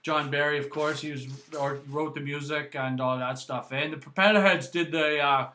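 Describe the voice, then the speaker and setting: Canadian male host, casual rambling delivery, bright tone, roomy echo. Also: on the high side, steady tone, normal speed, slight background noise. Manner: chatty, rambling, frequent "eh" and "right". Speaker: music vlog host. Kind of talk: casual vinyl review.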